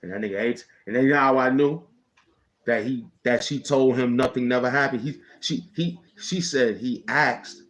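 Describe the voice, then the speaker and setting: A man's voice: medium pitch, normal speed, a bit bright, rough recording. A man casually telling a personal story in rambling street slang, often checking in with "you know what I'm saying".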